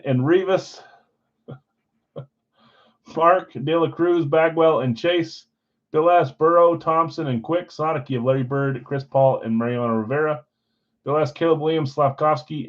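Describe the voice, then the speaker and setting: A man's voice: medium pitch, dull audio. A man hosting a live sports card break, casually rattling off player names and who got which spot.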